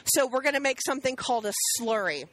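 Woman cooking host, middle-aged, bright forceful tone, chatty step-by-step explainer. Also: high-pitched, expressive, fast talker, a little hiss or hum, rough recording. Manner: chatty, explains steps to viewers. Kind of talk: casual cooking demonstration.

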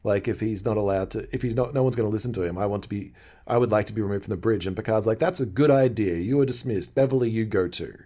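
A man's voice: on the low side, quick pace, warm tone. A man co-hosting a podcast, chatting casually and eagerly about a TV episode and quoting its lines. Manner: enthusiastic, quotes lines from the show. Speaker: podcast co-host. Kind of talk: casual chat recapping a TV episode.

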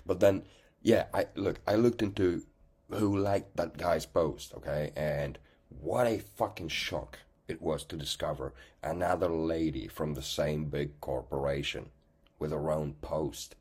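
Super deep raspy guy ranting, blunt and contemptuous, says okay a lot. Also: measured pace, a little mellow. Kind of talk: angry profane rant to camera.

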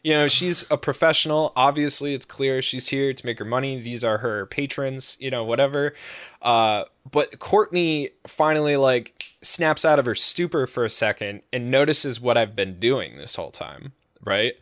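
A man's voice: medium pitch, normal speed, fairly bright tone, dry recording, clean studio sound. A young man tells a rambling, profane anecdote in casual podcast talk, full of fillers and "right?" tags, and he keeps breaking into laughter. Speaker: storyteller.

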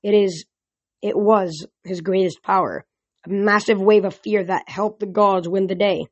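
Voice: mid-range voice, steady tone, unhurried, no echo, dull audio, lightly acted. A reader voicing a patient, wise old male centaur who explains things in an audiobook.

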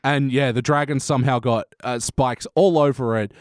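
A man co-hosting a casual rewatch chat, laid-back and quick to laugh. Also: mid-range voice, steady tone, dry recording, studio quality. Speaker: podcast co-host.

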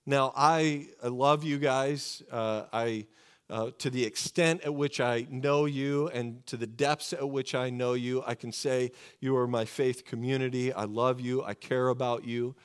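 A man preaching a sermon to his congregation, earnest and fervent, slowing down to stress key words. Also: mid-range voice, steady tone, clean tone. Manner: earnest, fervent preaching with slow emphatic pauses. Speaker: pastor.

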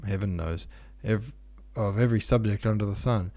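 A man voicing a reserved young man who answers curtly and coldly, in a low gravelly voice. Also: moderate pace, dark tone. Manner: curt, restrained.

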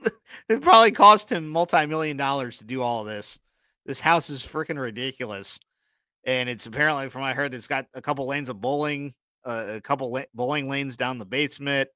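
Bright-voiced rambling male storyteller. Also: mid-range voice, fairly quick, no echo. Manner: rambling storyteller, self-deprecating jokes, apologizes often. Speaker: podcast co-host. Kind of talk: casual chat.

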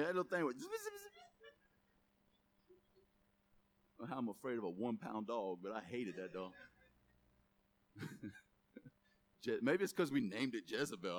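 A male pastor preaching a sermon, animated, with casual joking asides. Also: medium pitch, dry recording.

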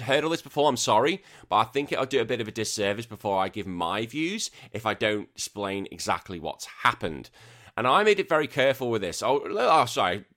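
A man hosting a podcast, chatting casually and ranting with lots of swearing. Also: fairly low pitch. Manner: animated, swears a lot, exasperated rants. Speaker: podcast host.

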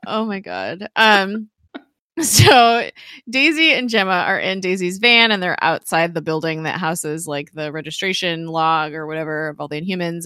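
A young woman casually recapping a TV episode, chatty and giggly, quoting the characters in quick voices. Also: on the low side, pushed and bright, no room sound, studio quality. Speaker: podcast co-host recapping a TV episode. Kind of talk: casual chat.

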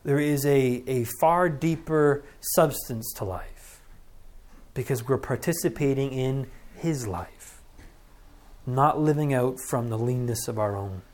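A middle-aged man preaching a sermon as pastor, earnest and conversational, acting out deep breaths. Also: takes it slowly, a little mellow.

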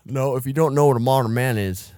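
A man's voice: mid-range voice, quick pace, no echo, clean studio sound. Giggly man podcast co-host. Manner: giggly, jokey deadpan one-liners. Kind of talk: casual comedy chat.

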